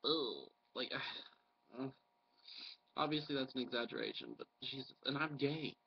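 A man's voice: mid-range voice, normal speed, gravelly, muffled recording, slight background noise. A man with a cold, ranting bluntly and profanely in a casual, rambling vlog. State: has a cold. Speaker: vlogger.

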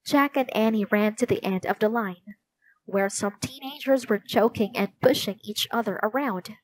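A woman reading a children's storybook aloud in slow, clear narration. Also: mid-range voice, a little hiss or hum. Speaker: storybook reader.

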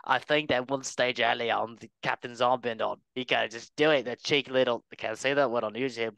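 A man hosting a football chat show in a teasing, jokey way. His voice is smooth and resonant. The sound is dry and close. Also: mid-range voice, sharp tone, dry recording. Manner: jokey, teasing, reads news aloud. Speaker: host. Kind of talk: casual panel chat.

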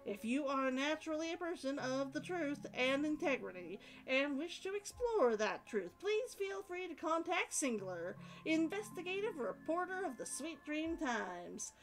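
A woman's voice: sits high, big pitch swings, unhurried, few pauses, faint music behind, heavily acted, low-quality recording. A woman voicing an earnest female investigative reporter, with a formal, conspiratorial announcer delivery while reading game dialogue aloud.

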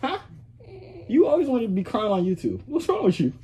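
A man's voice: high voice, huge pitch swings, fairly quick, crowd noise. A young man hosting a casual vlog on a phone camera, teasing the people around him and laughing often. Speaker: vlogger host.

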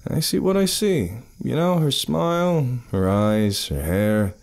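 Man playing a lovestruck teen boy, dreamy, slow, pitched well up. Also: animated, darkish tone.

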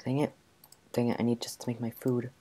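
A man's voice: medium pitch, little pitch movement, fairly quick, dark tone. A man giving gameplay commentary, frantically talking to himself as he plays. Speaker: gamer.

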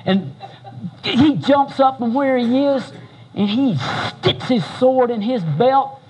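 A man preaching a sermon as pastor, telling the story in a folksy, animated way and bantering with the congregation. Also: very high-pitched, slow pace, poor audio.

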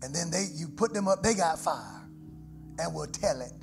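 A middle-aged pastor, preaching a sermon live in a church with dynamic swings from soft prayerful murmurs to loud shouted lines. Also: male voice, fairly high pitch, lively intonation, normal speed, gravelly. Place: church sanctuary. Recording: live church livestream with organ music behind. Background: musical instruments.

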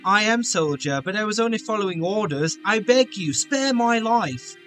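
A man's voice: high voice, expressive, moderate pace, a bit bright, faint music behind, voice pushed up. A man voicing a frightened captive soldier who begs for mercy and explains himself apologetically. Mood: pleading. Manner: pleading, apologetic.

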